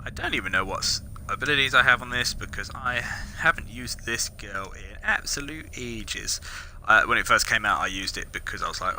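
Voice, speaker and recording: A man's voice: fairly low pitch, brisk, pushed and bright. A man reviewing a video game as he plays, chatting casually, muttering asides under his breath and throwing in playful exclamations. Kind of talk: casual gameplay commentary. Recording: noticeable background noise.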